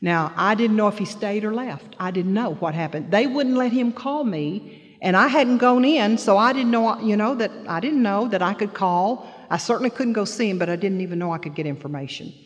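A woman's voice: normal speed, long reverb tail. Earnest middle-aged woman telling her story. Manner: earnest storyteller, dropping soft and low in painful moments. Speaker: guest speaker sharing personal testimony. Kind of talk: heartfelt personal testimony to an audience.

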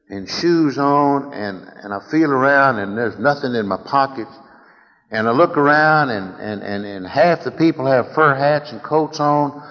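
A man from Texas with a Texan accent, telling his recovery story at a meeting in a folksy, rambling way with repeated words. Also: fairly high pitch. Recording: echoey hall, dull lo-fi sound.

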